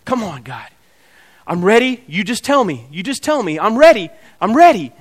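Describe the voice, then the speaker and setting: A preacher voicing an eager archangel itching to go. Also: male voice, high-pitched, big pitch swings, normal speed, voice pushed up. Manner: eager, insistent. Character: eager male archangel ready for battle.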